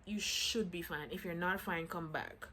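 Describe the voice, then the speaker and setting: A woman's voice: on the low side, normal speed, bright, forceful tone, slight background noise. A woman casually telling a personal story to her vlog audience, acting out the quotes with lots of "I'm like" asides.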